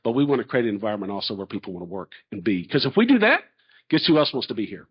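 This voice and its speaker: A man's voice: on the low side, racing, breathy edge. A middle-aged man with a drawl speaks at a public forum and tells stories with lots of folksy asides. His voice rises and falls all over the place as he talks. The sound is dull and lo-fi. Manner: animated storytelling, folksy. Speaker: chancellor candidate. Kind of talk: public Q&A presentation. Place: large hall. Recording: dull lo-fi audio.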